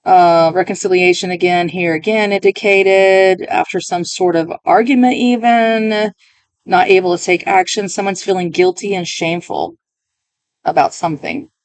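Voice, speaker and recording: A woman's voice: on the low side, steady tone, moderate pace, no room sound. A woman reading tarot cards for her viewers, talking in a musing, emotional way and often interrupting herself. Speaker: tarot reader.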